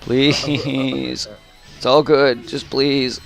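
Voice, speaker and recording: A man's voice: mid-range voice, level tone, drawn-out words, vocal fry, faint music behind. A man chatting casually while streaming a game, rambling and repeating himself. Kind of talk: casual chat while gaming.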